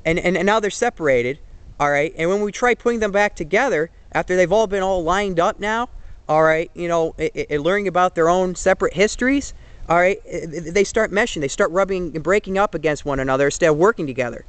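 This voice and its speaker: A young man in his twenties talks straight to the camera, earnest and rambling, full of fillers and restarts. His voice sits a little high. The sound is dry, with almost no room echo. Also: a little fast, smooth. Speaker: vlogger. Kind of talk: casual opinion monologue to camera.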